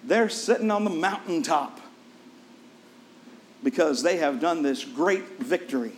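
Preaching a sermon at a measured pace, a man retells a scripture story with lively storytelling, poses questions to the congregation, and goes soft and low for solemn points. Slight background noise can be heard.

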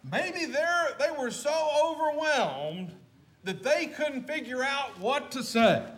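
A man preaching a sermon, retelling a story dramatically as his voice swings from loud to hushed. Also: very high-pitched, big pitch swings, slow.

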